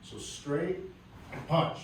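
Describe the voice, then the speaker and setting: A man's voice: on the high side, takes it slowly, distant mic, slight background noise. Man with a Southern US accent teaching martial arts in an echoey hall. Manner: calm explaining, with loud barked commands. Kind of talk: teaching a class, calling counts. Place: large echoey training hall.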